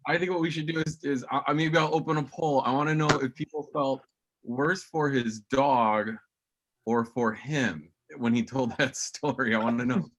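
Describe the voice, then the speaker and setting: Rambling open-mic host, noisy line. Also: male voice, medium pitch, normal speed. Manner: relaxed, rambling, hesitant. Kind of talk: casual hosting banter. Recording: noisy background.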